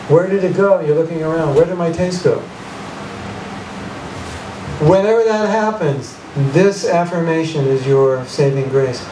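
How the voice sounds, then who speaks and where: A man leading a devotional chanting workshop in a temple hall, talking conversationally with rhetorical questions and frequent "you know"s. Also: on the high side. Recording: echoey hall, distant mic, background noise.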